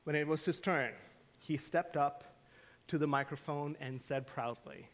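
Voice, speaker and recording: Slow, deliberate male preacher. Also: fairly high pitch. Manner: storytelling, swings from hushed to emphatic. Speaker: pastor. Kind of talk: sermon. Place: church sanctuary.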